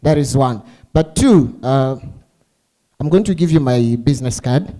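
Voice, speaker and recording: Playful emcee, mellow voice. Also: male voice, medium pitch, lively intonation, measured pace, low-quality recording. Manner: playful, teasing, asks the crowd questions. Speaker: master of ceremonies. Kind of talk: joking emcee banter.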